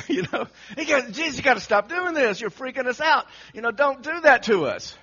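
A man preaching an animated sermon, telling the story dramatically and acting out the quotes with frequent laughter. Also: extremely high pitch, fairly quick, husky. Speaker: pastor. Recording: muffled lo-fi recording.

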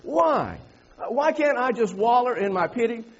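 A man's voice: very high voice, animated, moderate pace, slightly rough, muffled recording. A man pastor giving a sermon in a church, folksy, repeating phrases and building to emphatic preaching. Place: church sanctuary.

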